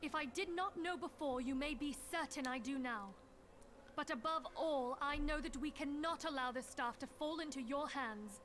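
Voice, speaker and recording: An actress playing a steadfast young heroine in a video game, speaking firmly and solemnly. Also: female voice, high voice, normal speed, a bit bright, a little hiss or hum. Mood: defiant. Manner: firm, solemn delivery. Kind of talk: game voice acting.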